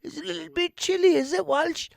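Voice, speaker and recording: A man's voice: extremely high pitch, fairly quick, creaky, dry recording, studio quality, voice pushed up, full character voice. An Irish man playing a sneering talking hoodie. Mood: taunting. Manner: mocking, taunting, shouted bursts.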